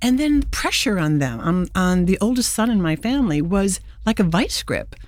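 A woman's voice: mid-range voice, very animated, moderate pace. An older woman, an actress and playwright, speaking earnestly and reflectively in a radio interview. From United States. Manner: earnest, reflective, with frequent restarts. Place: radio studio.

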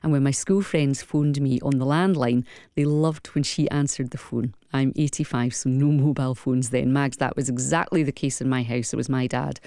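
A woman co-hosting a breakfast radio show, chatty and quick to laugh, on a studio microphone. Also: a bass voice, steady tone, dark tone, no room sound. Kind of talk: live radio chat.

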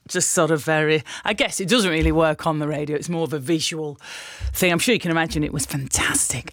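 A woman's voice: low-pitched, brisk, dry recording, clean studio sound. A woman hosting a radio show, chatting playfully and with self-mockery as she reads out listener messages. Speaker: radio host. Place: radio studio. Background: music.

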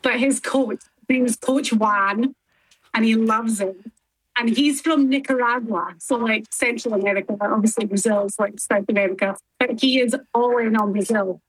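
A Scottish woman in her thirties, chatting as a guest over a remote link in a lively way. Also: on the high side, moderate pace, slightly rough, dry recording, rough recording. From Scotland. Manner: chatty and animated. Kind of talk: casual chat on a remote link.

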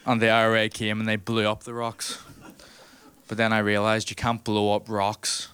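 A man's voice: on the low side, completely flat delivery, normal speed, fairly bright tone, slight background noise. A man with a Northern Irish accent doing a stand-up comedy set, punchy and teasing the audience. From Northern Ireland.

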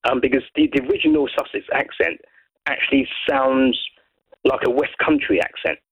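A man from Brighton calling in to a radio show, chatting in a hesitant, rambling way and often repeating words. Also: mid-range voice, wildly swooping pitch, normal speed, gravelly, slightly rough. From Brighton, England. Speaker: caller. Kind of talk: phone-in chat. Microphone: telephone. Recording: muffled phone line.

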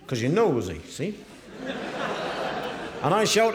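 A man's voice: medium pitch, big pitch swings, normal speed, slight background noise. A man, a folk singer, bantering with an audience and singing a comic song in bursts. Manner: jokey, chatty, sings in bursts. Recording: live concert recording in a hall.

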